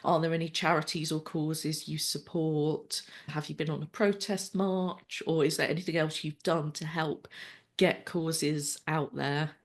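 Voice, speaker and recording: A woman's voice: sits low, fairly even intonation, a little slow. A woman co-hosting a podcast, chatting casually and leading the panel's questions. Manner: conversational, leads the questions. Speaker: podcast co-host asking questions.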